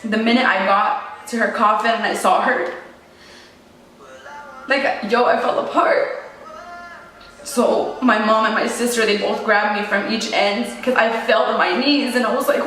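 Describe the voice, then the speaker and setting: A woman's voice: on the high side, steady tone, measured pace, a bit bright. Echoey, distant young woman holding back tears. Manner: casual slangy talk full of "like" and "yo"; choked up, near tears. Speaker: storyteller. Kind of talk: emotional personal storytelling. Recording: very echoey and distant, played back over a speaker, faint music.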